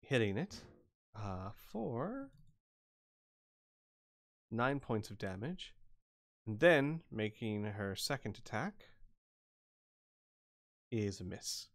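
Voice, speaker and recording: A man's voice: lowish voice, very animated, drawn-out words, pauses often. A man narrating combat as game master, playful and often laughing between rulings.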